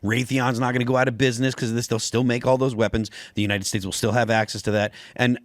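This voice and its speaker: A man's voice: medium pitch, level tone, quick pace, no room sound, clean studio sound. A man speaking as a guest on a political talk show, talking hesitantly with many fillers. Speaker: podcast guest.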